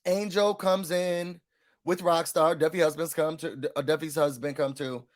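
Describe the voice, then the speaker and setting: A man with a notably high voice chats through a reality show recap in a casual, sassy way. He gets animated and hammers points home by repeating words. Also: normal speed.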